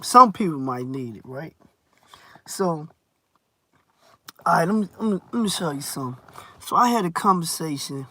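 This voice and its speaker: A man telling a story in a loose, rambling vlog style, often repeating words and clearing his throat. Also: on the high side, pushed and bright, a little hiss or hum.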